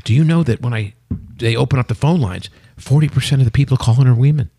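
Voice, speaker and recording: Casting: man in his sixties, quick and gravelly, punchy pitchman storytelling, close dry mic. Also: dry recording. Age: 60s. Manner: animated storyteller, salesman-like, emphatic. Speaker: podcast guest, company CEO. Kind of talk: casual interview chat.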